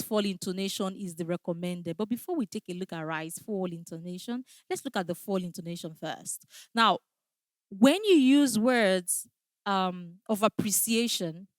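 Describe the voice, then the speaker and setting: A woman's voice: medium pitch, dry recording. Woman giving a customer service class, stresses her points, keeps asking "all right?", medium voice. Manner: emphatic, repeats key phrases, checks in with "all right?". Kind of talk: training lecture.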